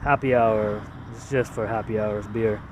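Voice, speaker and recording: Slow, rambling man from Canada. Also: lowish voice, steady tone, distant mic, background noise. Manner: hesitant, filler-heavy, self-deprecating. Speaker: artist showing his drawings. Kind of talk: casual rambling walkthrough.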